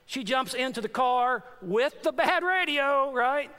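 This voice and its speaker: A man's voice: very high voice, unhurried, bright, forceful tone, smooth. A man preaching a sermon, telling a personal story and addressing his congregation, repeating phrases for emphasis. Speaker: pastor. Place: church sanctuary. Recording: long hall reverb in church.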